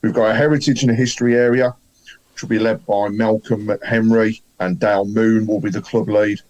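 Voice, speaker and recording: A man from the co-hosting a football podcast, reading out club news in a relaxed, hesitant way with fillers. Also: on the low side, fairly quick, muffled recording. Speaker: podcast co-host. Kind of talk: casual chat with announcements.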